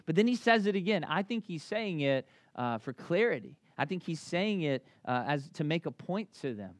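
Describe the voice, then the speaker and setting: A man preaching a sermon as a pastor, telling stories conversationally and swinging between loud bursts and hushed lines. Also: high voice, expressive, a little fast, few pauses, no room sound, studio quality.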